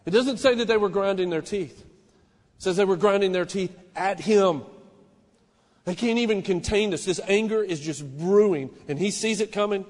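Impassioned high-voiced male preacher. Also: moderate pace, in a large hall. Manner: impassioned, swings from hushed to loud. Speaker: pastor. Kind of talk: sermon. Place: small church.

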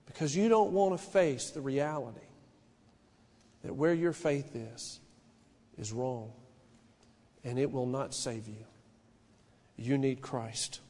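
A male pastor preaching a sermon in a church, shouting some lines and dropping to a hushed warning on others. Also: slow, pauses often, big-room sound. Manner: fervent preaching, swinging from shouted declarations to low hushed warnings. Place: church sanctuary.

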